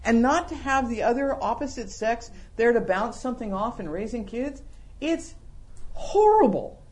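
A middle-aged man giving a sermon-style Bible lesson, animated and joking, full of rhetorical questions. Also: very high voice, normal speed. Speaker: Bible class teacher.

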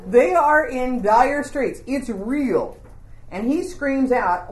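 A woman teaching a Bible lesson to a group, telling the story in an informal, animated way and asking the group questions. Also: high-pitched, takes it slowly, echoey room.

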